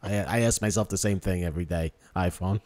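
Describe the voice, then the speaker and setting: A man's voice: low-pitched, brisk, no echo. A man hosting a podcast in casual chat, telling rambling stories and acting out quoted lines. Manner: rambling, animated storytelling with quoted asides. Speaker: podcast host.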